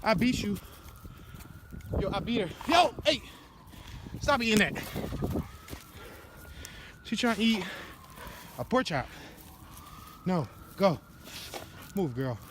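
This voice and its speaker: A man vlogging while jogging outdoors with his dog, out of breath, excitable and full of slang. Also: sits high, takes it slowly, pauses often, background noise. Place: outdoors on a street. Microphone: handheld camera.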